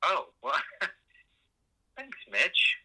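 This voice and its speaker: A man's voice: mid-range voice, animated, a little slow, pushed and bright, exaggerated voice, low-quality recording. An actor playing a fussy, eager male assistant who interrupts to correct facts, speaking hesitantly with stammers and apologies.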